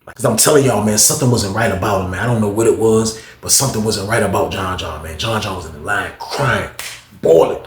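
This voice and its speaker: A man's voice: fairly low pitch, fast talker, noisy background. A man casually telling a long story, rambling and repeating phrases while addressing listeners as y'all. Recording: roomy echo.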